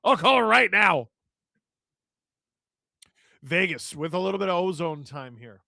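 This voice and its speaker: Excitable joking man hosting a live stream. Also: high voice, unhurried, vocal fry, no room sound, studio quality. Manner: joking, excitable, shouts on goals. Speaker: livestream host reading chat. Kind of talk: casual live watch-along chat and play-by-play.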